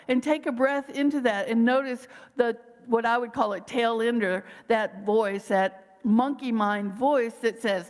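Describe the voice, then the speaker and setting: A woman minister giving a gentle sermon, slowing down to guide her listeners through pauses and breaths. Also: a little high, in a large hall. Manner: gentle, slow guiding pauses with breathing cues.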